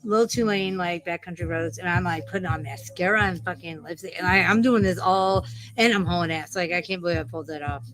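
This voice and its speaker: A woman's voice: fairly low pitch, brisk, a bit bright, soft background music, rough recording. A woman hosting a casual livestream, talking in a profane, rambling and easily distracted way. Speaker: livestream host.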